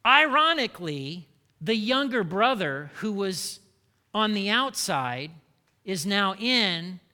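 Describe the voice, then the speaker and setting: A man's voice: high voice, big pitch swings, slow, sharp tone, in a large hall. A male pastor preaching a sermon, engaging the congregation with rhetorical questions.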